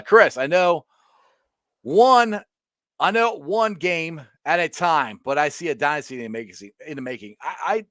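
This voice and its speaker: A man hosts a sports show, chatting loosely, laughing and reading viewer comments aloud. His voice is a little high and swings a lot in pitch, recorded close and dry. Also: fairly bright tone, dry recording. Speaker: podcast host. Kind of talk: casual sports chat.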